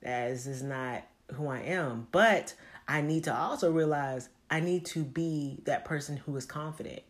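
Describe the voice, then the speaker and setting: A woman vlogger giving a casual motivational monologue, candid and profane, rambling, with bursts into high excited tones. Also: measured pace.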